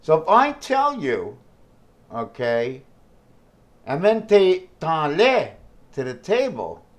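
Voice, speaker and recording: His voice sits on the high side and swings hugely in pitch, though the pace is slow. In this rambling solo vlog, the man free-associates aloud to the camera, skipping between numbers and wordplay and asking himself questions amid many fillers.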